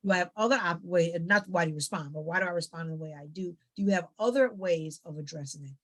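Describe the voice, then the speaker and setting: Animated woman psychologist giving advice. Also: fairly low pitch, quick pace. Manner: animated, acts out family dialogues with quoted voices. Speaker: psychologist guest. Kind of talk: conversational advice in an interview.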